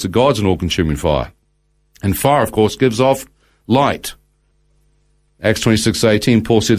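A man, telling a guest's testimony in conversation, acting out his own thoughts as dialogue and quoting scripture by verse. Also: lowish voice.

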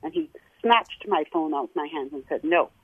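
A woman calling in and recounting her experience in an emotional, halting way. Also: sits low, big pitch swings, breathy edge, no echo. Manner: tearful, halting. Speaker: caller. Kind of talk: emotional phone-in account. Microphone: telephone. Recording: tinny phone line.

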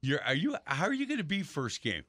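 A man's voice: on the high side, wildly swooping pitch, a little fast, fairly bright tone, no room sound, studio quality. A man hosting a sports radio talk show, chatty and self-deprecating as he tells stories. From Milwaukee area.

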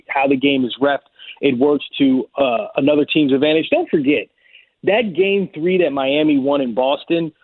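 A man's voice: a little high, dry recording. Man on a tinny phone-like line. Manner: emphatic, argumentative, confident. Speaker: basketball analyst. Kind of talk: sports talk debate.

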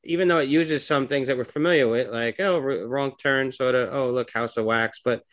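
A man's voice: mid-range voice, a little fast, a bit bright. A man co-hosting a podcast in casual chat, hesitant and searching for words. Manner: hesitant, many fillers and restarts. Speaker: podcast co-host.

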